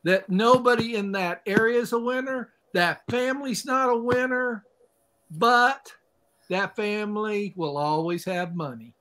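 Guest expert from Oklahoma, man with a high voice, drawn-out folksy talk. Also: sharp tone. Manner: unhurried, folksy imagery. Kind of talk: casual chat.

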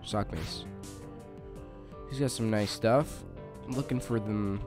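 A man's voice: on the low side, takes it slowly, over music. A young man giving casual let's play commentary, chatting along and yelping in panic whenever his character is attacked. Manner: excitable, yelps and shrieks when attacked. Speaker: gaming YouTuber.

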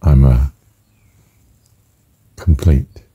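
Very deep, husky man musing slowly. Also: steady tone, dark tone, dull audio. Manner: slow and ponderous, repeating phrases over and over. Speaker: speaker reflecting on a spiritual phrase. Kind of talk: musing spiritual talk.

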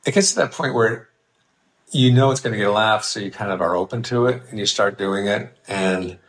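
A man's voice: on the low side, fairly quick. An older man, a guest comedian, telling anecdotes in a podcast interview over a video call, with many fillers.

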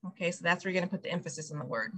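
A woman's voice: on the low side, animated, very fast. A woman leading an online Spanish class for parents over a video call, explaining phrases step by step. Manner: explains step by step, repeats phrases after the teacher. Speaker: preschool director teaching Spanish to parents.

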